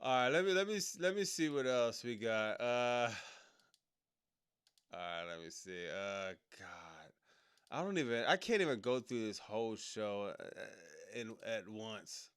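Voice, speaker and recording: Male streamer, casual reaction chat, unhurried drawl, smooth crisp tone, slangy and prone to loud incredulous rants. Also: lowish voice, animated. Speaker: streamer reacting to a wrestling show.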